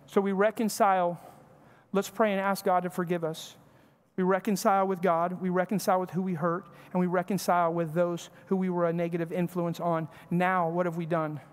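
A male pastor whose voice sits high, with little pitch movement, preaches a little fast in a church sanctuary. He speaks conversationally and acts out snippets of family dialogue, with church hall reverb on the recording.

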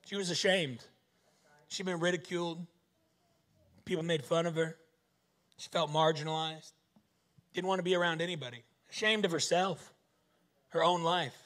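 A man preaching a lively sermon, joking and firing rhetorical questions at the audience. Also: fairly high pitch, normal speed, pauses often.

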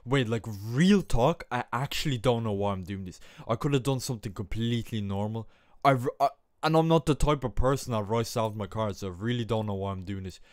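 A young man, a gaming channel host, giving casual gameplay commentary, excitable and self-mocking, often breaking into exclamations. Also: mid-range voice, no room sound, studio quality. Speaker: gaming YouTuber.

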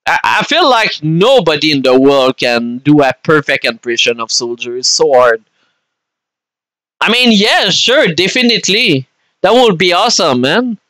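Young man game streamer, smooth voice, slightly high, dry close sound, casual and swearing. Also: big pitch swings, moderate pace, bright, forceful tone, dry recording, rough recording. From Canada. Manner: chatty, swears freely, laughs often, answers chat. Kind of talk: casual gaming stream chat.

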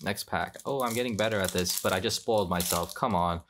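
A man's voice: deep voice, fairly quick, noisy background. A young man chatting casually while opening trading card packs, rambling and correcting himself as he goes. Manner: rambling, offhand, self-correcting. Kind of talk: casual pack-opening commentary.

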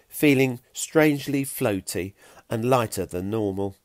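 Low-voiced man reading a children's story. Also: unhurried, dry recording, studio quality. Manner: gentle, expressive reading.

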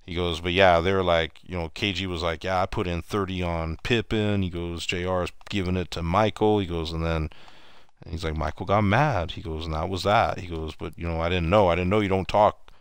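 A man with a deep, brisk, fairly even voice streams gameplay while telling a long, rambling story in a casual way, often restarting his sentences. When retelling, he mimics other people in raised voices, and the audio is clean, echo-free and studio quality.

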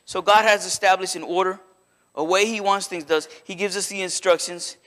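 Bright-voiced man preaching a sermon. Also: sits high, moderate pace. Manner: conversational, animated retelling with acted quotes. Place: church sanctuary.

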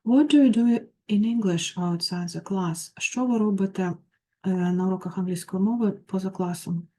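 Mellow-voiced woman tutor. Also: medium pitch, moderate pace. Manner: reads English phrases then translates them, with small slips. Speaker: English tutor. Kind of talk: textbook walkthrough, reading and translating.

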